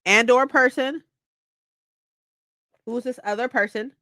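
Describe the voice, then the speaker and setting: A woman's voice: a little high, steady tone, slow, bright, forceful tone, dry recording. A woman in her twenties casually chatting on a livestream, playful and mock-dramatic as she reads her chat aloud. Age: 20s. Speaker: livestream host.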